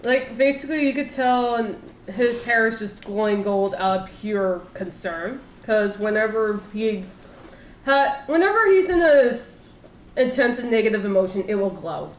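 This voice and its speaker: A woman's voice: medium pitch, animated, moderate pace. A woman casually narrating her character's feelings, with many fillers. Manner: loose, uses many fillers. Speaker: tabletop player describing her character. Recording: echoey room with faint noise.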